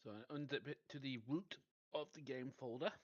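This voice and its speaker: A man's voice: medium pitch, a little fast, lo-fi sound. A man co-hosting a game stream, casually and helpfully walking his partner through setup steps. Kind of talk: casual gameplay chat.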